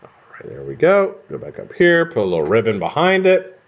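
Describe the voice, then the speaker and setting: Animated American man, dull lo-fi stream. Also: fairly high pitch, a little fast, vocal fry. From United States. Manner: rambling, chatty, swears casually. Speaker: live-stream host building vape coils. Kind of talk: casual live-stream chat while working.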